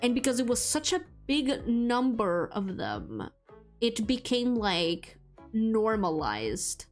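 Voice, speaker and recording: A woman's voice: fairly high pitch, big pitch swings, slow. A young woman streamer chatting casually with viewers, rambling with lots of fillers and restarts. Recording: faint music behind.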